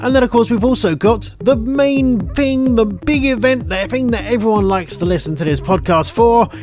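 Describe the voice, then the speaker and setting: A man's voice: very high-pitched, moderate pace, darkish tone, soft background music. A man introducing his podcast as its producer and host in a chatty, upbeat way.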